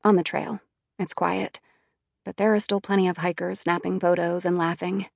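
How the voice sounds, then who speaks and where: A woman reading a first-person audiobook in a quiet, inward, subdued manner. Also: fairly low pitch, flat delivery, normal speed, gravelly, no echo, clean studio sound. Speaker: audiobook narrator.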